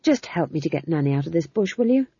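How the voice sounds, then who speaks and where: Woman reader as a flustered young witch girl, high voice, dull dry recording. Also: animated, fast, dark tone, husky, no echo, heavily acted. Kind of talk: audiobook character voice.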